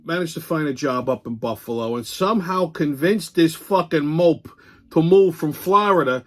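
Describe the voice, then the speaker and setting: A man hosts a casual monologue, his voice sitting a little high. He tells stories in a profane, lively way, laughing often along the way. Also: moderate pace. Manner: profane, animated, laughs while telling stories. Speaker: host.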